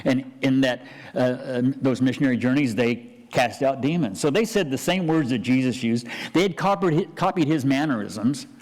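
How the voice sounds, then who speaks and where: Man, pastor, mid pitch, chatty sermon, restarts, echoing church hall. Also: moderate pace, few pauses, a little mellow. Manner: conversational preaching with frequent restarts.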